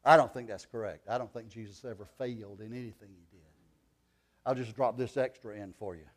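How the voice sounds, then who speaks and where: A male pastor preaching a sermon, moving from quiet reasoning to loud cries of praise and softly recited hymn lines. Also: on the low side, brisk.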